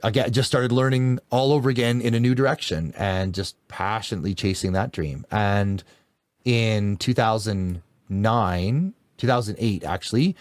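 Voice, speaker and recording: Guy telling his own story on a podcast, enthusiastic, laughs a lot, lowish voice, dry recording. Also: moderate pace, dry recording. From Canada. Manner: lively, enthusiastic, laughs through stories. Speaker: guest, endurance coach. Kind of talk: casual storytelling interview.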